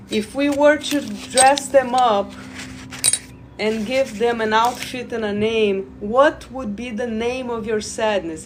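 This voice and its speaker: A woman who guides Reiki, talking slowly and loosely to viewers in a live stream, repeating words and addressing them directly. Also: a little high. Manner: slow, meandering, repeats words, talks to viewers. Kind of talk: live spiritual stream talk.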